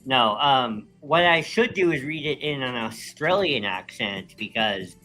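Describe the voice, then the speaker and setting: A man's voice: mid-range voice, lively intonation, a little slow, over music, low-quality recording. Easygoing man full of ums. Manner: easygoing, many filler ums. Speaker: co-host reading a sponsor roll-up. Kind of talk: casual chat and ad read.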